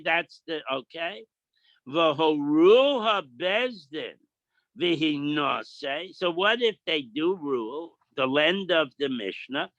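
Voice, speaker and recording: Bright, dry-voiced man teaching Talmud. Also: a little high, no echo, lo-fi sound. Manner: reads Aramaic slowly then explains in casual English; plain-spoken, quips and asides. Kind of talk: daf yomi Talmud lesson.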